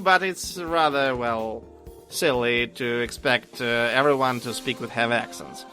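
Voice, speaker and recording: A man talks slowly in a relaxed podcast chat. His voice is bright and clear, and he tells stories with dry humor, filling pauses with ums and uhs. Faint music plays behind him. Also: medium pitch. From Russia. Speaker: podcast co-host. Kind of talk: casual chat.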